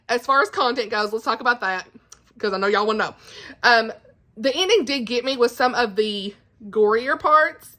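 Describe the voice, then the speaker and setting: Gushing high-voiced woman vlogger. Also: bright, forceful tone. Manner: gushing, emotional, laughs often, says like a lot. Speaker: book vlogger. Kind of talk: casual reading vlog to camera. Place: at home indoors. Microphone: phone camera.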